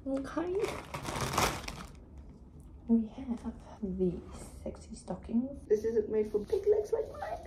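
A woman vlogging to her phone camera in a hospital room, talking expressively and often dropping to a hushed whisper. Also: a little high, very animated, takes it slowly, long pauses, very noisy. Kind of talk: casual vlog talk to camera. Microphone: phone camera propped nearby.

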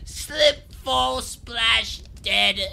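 A man's voice: extremely high pitch, drawn-out words, creaky, sharp tone, slight background noise, full character voice. An actor playing the wizard Merlin in a full cast audio drama, laughing helplessly and gasping through his words. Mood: manic laughter. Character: wizard Merlin, a man gripped by manic laughter at grim secrets.

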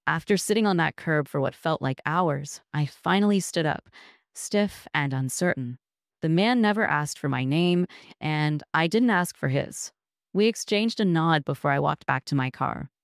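A woman narrating a first-person story in a measured, reflective way. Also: low-pitched, lively intonation, no echo, studio quality.

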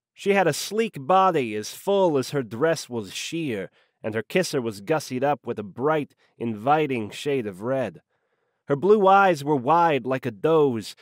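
A man narrating a hard-boiled noir audiobook in a wry, slangy, deadpan manner on a close microphone. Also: mid-range voice, dry recording.

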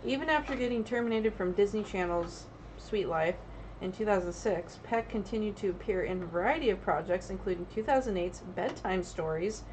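A woman's voice: medium pitch, a little fast, a little mellow, a little hiss or hum, poor audio. Chatty woman co-hosting a podcast. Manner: agreeable, chatty, reads aloud plainly. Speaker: podcast co-host. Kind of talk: casual podcast discussion.

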